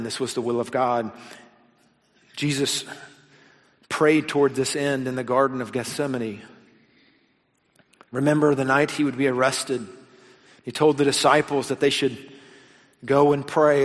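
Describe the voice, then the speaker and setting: A male pastor preaching a sermon, swinging between loud emphatic lines and hushed, intense ones. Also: fairly high pitch, big-room sound.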